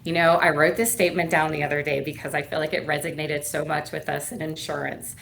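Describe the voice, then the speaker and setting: Low-pitched middle-aged woman chatting on an interview, lots of um's, acts out the quotes, bit of hiss behind. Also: level tone, quick pace, vocal fry, fairly bright tone. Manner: chatty, many fillers, acts out quoted dialogue. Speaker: guest, firm owner and CEO. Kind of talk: casual interview storytelling.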